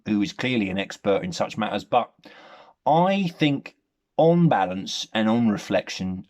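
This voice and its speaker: A man giving a rambling, hesitant comic monologue, deadpan and full of ums. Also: lowish voice. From Nottingham, England. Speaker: comedy character monologue.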